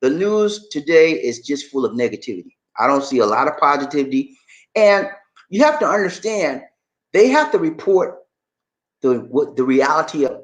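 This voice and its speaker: A man hosting a casual livestream, answering viewers' comments in an animated, preachy way and often tagging his sentences with "man" and "y'all". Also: medium pitch. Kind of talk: casual live chat with viewers.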